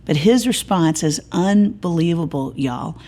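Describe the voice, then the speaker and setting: A middle-aged woman, giving a sermon-style Bible teaching with lively storytelling and humorous asides. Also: fairly low pitch, a little slow.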